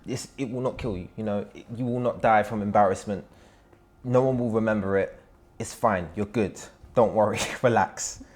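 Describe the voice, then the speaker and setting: A man's voice: on the low side, moderate pace, darkish tone. A man hosting an interview show, encouraging and playful with his guest. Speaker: host. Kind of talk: casual interview chat.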